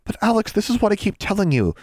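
Earnest rule-following schoolgirl, read by a man, high, reproachful, dry close sound. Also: sing-song, fast talker, darkish tone, dry recording. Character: cautious, rule-minded schoolgirl. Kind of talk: audiobook character voice.

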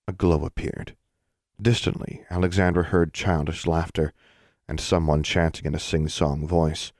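A man narrating a fantasy audiobook in a steady storytelling manner. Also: sits low, no echo, studio quality.

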